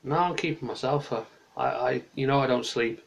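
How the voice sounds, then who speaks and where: A man's voice: mid-range voice, normal speed, creaky. Tired man rambling on a livestream. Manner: rambling, drifts off topic, answers chat. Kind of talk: late-night rambling livestream chat. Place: small bedroom, on the bed.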